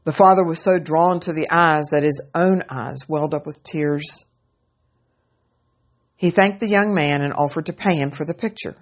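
A woman narrating a story aloud in a slow, measured reading. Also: deep voice.

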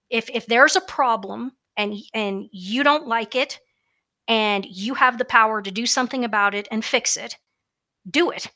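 A woman's voice: fairly high pitch, bright, forceful tone. A woman giving a blunt, emphatic opinionated monologue as a religious commentator, with frequent fillers and restarts.

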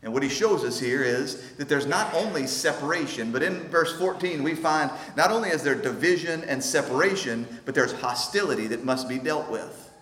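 A man preaching a sermon as pastor, earnest and emphatic, slowing down to stress key phrases. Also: on the high side, animated, a bit bright, slight background noise. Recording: roomy hall with long reverb.

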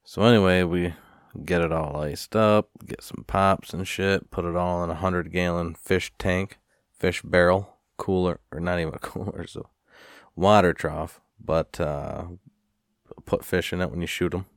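A man's voice: low-pitched, fairly even intonation, measured pace, dry recording, clean studio sound. A man telling a rambling, profane story in a casual rant, sighing now and then. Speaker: vlogger.

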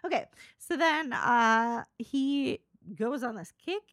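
A young woman co-hosting a podcast, telling history in a jokey, animated way with frequent laughter. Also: fairly high pitch, slow pace, no room sound, studio quality. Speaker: podcast co-host. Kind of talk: casual chat.

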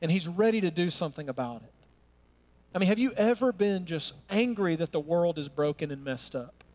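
Man, pastor, high voice, conversational sermon, humorous, emphatic. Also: expressive, brisk, darkish tone.

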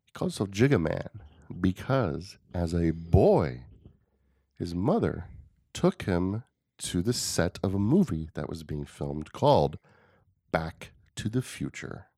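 A man in his thirties hosting a podcast, chatting casually and telling stories in an animated way. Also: low voice, slow, dry recording, studio quality. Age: 30s. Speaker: podcast host. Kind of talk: casual chat.

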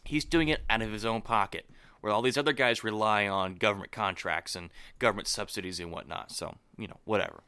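A man co-hosting a podcast, ranting in an animated way during casual chat. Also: fairly low pitch, brisk, clear, resonant tone, no echo. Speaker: podcast co-host.

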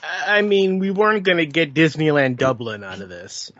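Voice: medium pitch, normal speed, a bit bright, no room sound, lo-fi sound. A podcast co-host in casual movie chat, dropping dry, wry quips.

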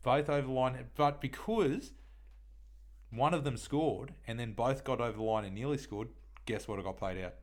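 Relaxed Australian co-host who laughs along in sports banter. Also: male voice, mid-range voice, normal speed. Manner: laid-back, laughs along. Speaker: podcast co-host.

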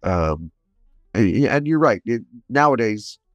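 A man's voice: lowish voice, lively intonation, slow pace, no room sound, faint music behind. A man co-hosting a film podcast in casual chat, speaking bluntly and critically. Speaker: podcast co-host.

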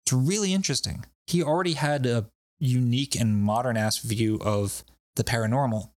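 In a casual podcast chat, a male host laughs his way through loose, profanity-filled stories. His mid-range voice moves at a normal speed, and the studio-quality audio has no room sound.

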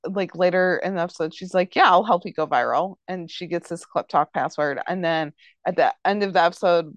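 A woman's voice: on the low side, no room sound, highs cut off. A woman hosting a casual podcast chat, recapping a TV episode and peppering her talk with "like" and "um". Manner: chatty, full of "like" and "um" fillers. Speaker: podcast host.

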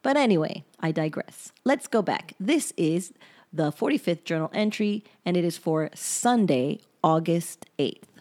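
Woman podcast host with a somewhat low voice, reading her own journal aloud, frank and reflective, swears bluntly. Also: expressive, measured pace, a little mellow.

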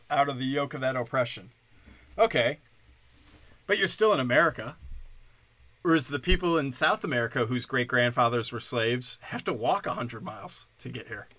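A man's voice: mid-range voice, moderate pace, a bit bright, no room sound. Man, comedian, profane rant, sarcastic, dry close sound. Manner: sarcastic, crude and cursing.

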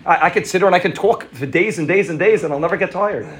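A man's voice: sits high, quick pace, a bit bright, voice pushed up. A man voicing a blunt, plain-spoken male villager who scoffs and fires off rhetorical questions. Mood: scornful.

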